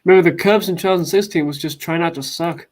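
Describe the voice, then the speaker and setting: Laid-back man, slightly high voice, rambling casual chat. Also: quick pace.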